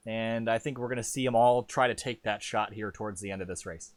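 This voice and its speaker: A male play-by-play voice for a sim racing broadcast, chatty and quick to poke fun at himself. His pitch sits mid-range but leaps up when he calls the action. He talks through the field truck by truck. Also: steady tone, dry recording. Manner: chatty and self-deprecating, swings up in pitch on race calls. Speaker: lead race commentator.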